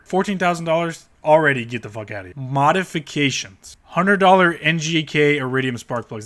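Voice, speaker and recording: A man's voice: mid-range voice, sing-song, a little fast, a bit bright. A man hosting a car channel, ranting bluntly and sarcastically with plenty of swearing as he reviews car listings.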